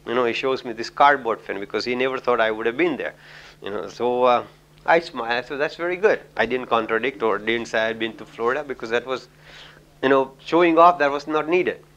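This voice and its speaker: A man's voice: medium pitch, brisk, a bit bright, highs cut off. A man with an Indian English accent giving a lecture, telling anecdotes in a chatty way, full of "you know" and little chuckles.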